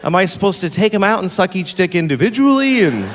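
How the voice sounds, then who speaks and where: Loud, mocking stand-up comic man. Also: very animated, quick pace. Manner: loud bursts of exasperated, mocking delivery with sudden high shouts. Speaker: stand-up comedian. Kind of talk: stand-up comedy set. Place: large venue with a live audience. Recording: live hall recording with long reverb.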